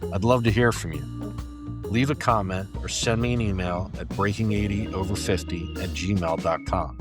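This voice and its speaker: A man's voice: deep voice, normal speed, over music. An older man hosting a solo podcast, talking in an easygoing, self-deprecating way. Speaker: podcast host.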